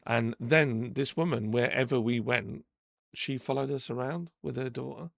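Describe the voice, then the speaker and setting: A man with a gravelly, creaky voice at a middling pitch tells an indignant story, leaping up when he acts out what was said. The sound is dry and close. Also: normal speed, dry recording. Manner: animated, indignant retelling, acting out quotes. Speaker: podcast host. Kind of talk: casual storytelling.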